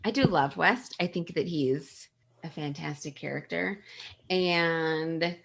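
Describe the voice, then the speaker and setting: A woman's voice: low-pitched, slow, vocal fry, fairly bright tone, a little hiss or hum. A young woman hosting a casual book chat, gushing and laughing often as she reads favorite passages aloud. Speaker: book podcast host.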